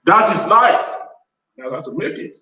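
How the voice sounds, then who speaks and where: A fairly high-voiced man hosts a business show and urges his viewers on in a repetitive, pleading motivational talk. His voice sits back from the mic in a roomy space, and the sound is dull. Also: sing-song, normal speed, bright, forceful tone, recorded from a distance.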